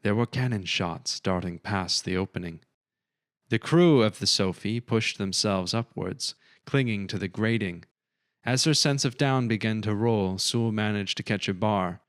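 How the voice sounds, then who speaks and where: A man narrating a science fiction audiobook in a steady, measured way. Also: on the low side, no room sound, studio quality. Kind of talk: scripted narration.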